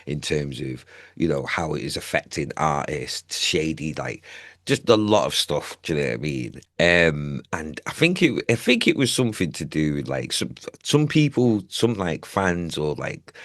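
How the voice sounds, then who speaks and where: Deep-voiced candid man in his forties. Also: expressive, a little slow, a bit bright, no echo, clean studio sound. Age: 40s. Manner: candid, laughs and jumps high in pitch when joking. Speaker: music artist. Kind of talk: casual conversation.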